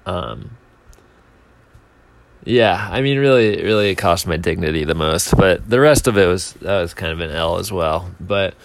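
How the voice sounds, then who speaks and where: Young guy, lowish voice, rambly self-mocking storytelling, dry close sound. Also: lively intonation, moderate pace, no room sound. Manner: rambling, self-mocking, with filler words and restarts. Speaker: speaker telling a timed anecdote. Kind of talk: casual storytelling.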